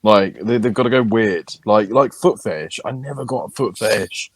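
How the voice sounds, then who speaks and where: Bloke cohosting a podcast, crude jokey banter, lowish voice, dry close sound. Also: male voice, normal speed, no echo. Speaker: podcast co-host. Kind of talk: casual chat.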